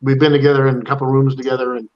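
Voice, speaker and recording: A man's voice: medium pitch, little pitch movement, very fast, lo-fi sound. A man guesting on an interview over a video call, telling stories in a rambling, emotional way and laughing often. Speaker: interview guest, slot channel creator. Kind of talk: casual storytelling on a video call.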